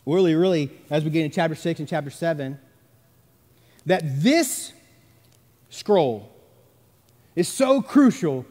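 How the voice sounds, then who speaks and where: High-voiced preacher in an echoing church. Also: male voice, animated, a little slow, long pauses. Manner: emphatic, swings between loud and hushed. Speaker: pastor. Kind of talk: sermon. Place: church sanctuary. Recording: long church reverb.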